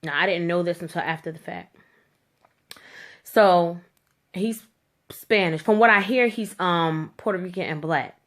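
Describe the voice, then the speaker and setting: A woman telling a story to camera in a blunt, animated rant, with slangy speech and free swearing. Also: lowish voice, a little slow, long pauses. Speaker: vlogger.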